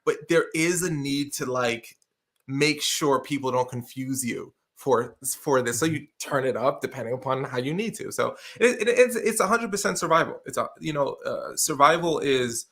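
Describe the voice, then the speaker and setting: A man with a bright, forceful voice tells stories as a guest on a talk show. He speaks with lively energy and explains his points with feeling. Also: medium pitch, normal speed. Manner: energetic, expressive storyteller with many fillers and restarts. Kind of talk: casual conversational interview.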